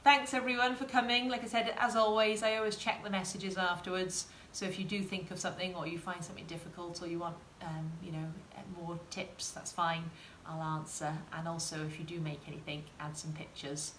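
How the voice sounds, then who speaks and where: A woman's voice: lowish voice, flat delivery, fairly quick, few pauses, a bit bright, slight background noise. A woman tutor giving a chatty live sewing demonstration and talking to her viewers. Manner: chatty, encouraging, talks to viewers in chat. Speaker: craft tutor. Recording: roomy echo, faint ambience.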